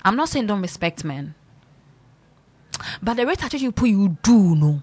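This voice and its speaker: A woman's voice: mid-range voice, animated, a little slow, long pauses, a little mellow, breathy edge. A woman ranting bluntly and exasperatedly in a casual monologue to her followers.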